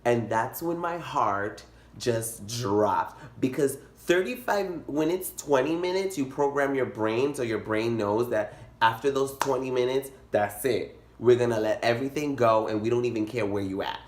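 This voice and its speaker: A young man telling a comic story in a vlog, animated and dramatic, jumping into high squeals. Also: normal speed. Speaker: vlogger. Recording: echoey room.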